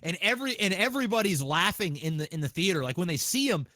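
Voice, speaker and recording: A man hosting a podcast, chatting casually in an excitable, profane way with lots of restarts. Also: high-pitched, fast, no echo. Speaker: podcast host.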